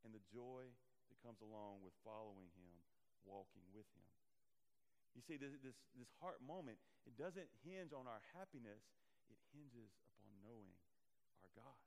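A man's voice: mid-range voice, very animated, measured pace, gravelly, in a large hall. A man preaching a sermon as pastor, earnest, with swelling and falling emphasis and repeated phrases.

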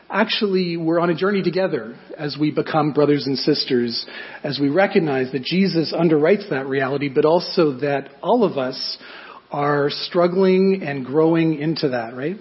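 A man's voice: a little high, dull audio. A man preaching a sermon in a conversational way, often asking his listeners rhetorical questions. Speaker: pastor.

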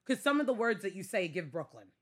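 A woman with a Staten Island New York accent, co-hosting a casual podcast chat in an animated, laughing, exclamatory way. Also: medium pitch, fast. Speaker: podcast co-host.

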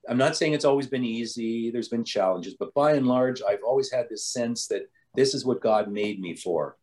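A man's voice: medium pitch, moderate pace, darkish tone. A man, a bishop telling stories from his life in an interview, rambling with frequent restarts. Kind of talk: storytelling in an interview.

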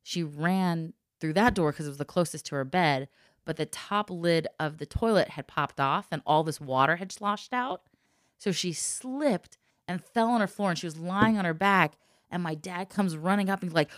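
Relaxed and chatty, a low-voiced woman recounts something from her own life as a guest, laughing frequently and imitating the people she quotes. Her speed is normal, and the sound is close and dry, with no room around it.

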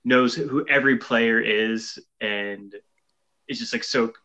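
A man's voice: medium pitch, slow pace, pushed and bright, poor audio. A man casually chatting about a movie, laughing often and eagerly quoting lines. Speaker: podcast co-host.

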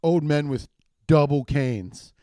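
A man's voice: a little high, slow pace, dark tone, no echo, studio quality. A man doing a loose, crude comedy monologue, swearing often and laughing at his own jokes. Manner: trails off and restarts a lot.

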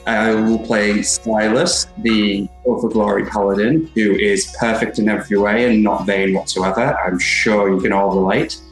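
Male player, lowish voice, loud, dry humor, roomy echo. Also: level tone, normal speed, few pauses, soft background music.

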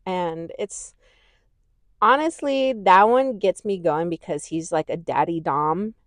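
A woman with a lowish voice talks loosely on her own podcast, rambling and gushing with a laugh never far away. She swears freely and keeps it casual. The sound is dry and close, with no room around her. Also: slow, no echo. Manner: laughs easily, gushing and animated. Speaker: podcast host. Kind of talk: casual chat.

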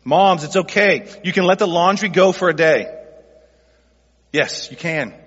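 A man's voice: high voice, a little slow, fairly bright tone, slightly rough. Man preaching in an echoing hall. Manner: earnest, conversational preaching that addresses groups in the congregation. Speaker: pastor. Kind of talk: sermon. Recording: dull sound with long hall reverb.

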